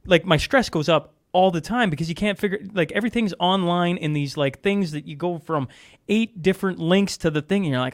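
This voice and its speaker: A man from Canada in casual conversation, telling stories with animated asides and mimicry. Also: high voice, fast talker, dry recording, studio quality. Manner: animated storytelling, mimics phone systems. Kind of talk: casual chat.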